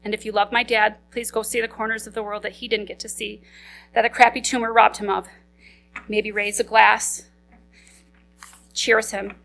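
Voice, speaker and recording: A young woman reading a eulogy for her father at a memorial service, steady but holding back grief. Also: mid-range voice, moderate pace, gravelly, pauses often, soft background music, low-quality recording. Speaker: daughter giving a eulogy.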